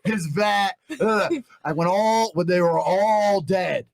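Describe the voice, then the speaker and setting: High-voiced man telling a crude comic story. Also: gravelly. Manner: fast, animated, crude anecdote with shifts between low asides and loud bursts.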